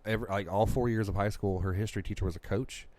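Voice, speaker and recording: Quick, low-ish man cracking crude jokes. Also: fairly even intonation, a little mellow. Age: adult, has workers. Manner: joking, teasing, rambling with restarts. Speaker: podcast co-host. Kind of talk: casual crude banter.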